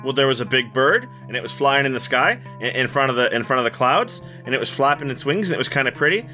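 A man voicing a blunt, excitable young girl who rambles in halting, childish bursts. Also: medium pitch, soft background music. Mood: nervous.

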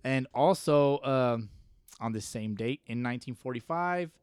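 A man's voice: mid-range voice, expressive, unhurried, darkish tone, clear, resonant tone, dry recording. A man co-hosting a casual sports podcast, joking and laughing between crude banter. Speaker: podcast co-host. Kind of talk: casual chat.

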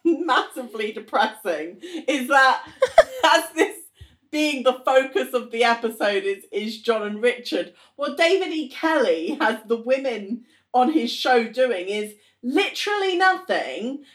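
Laughing woman with a lively, slow voice. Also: a little high. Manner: laughing often, wry commentary. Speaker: podcast co-host. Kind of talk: casual chat.

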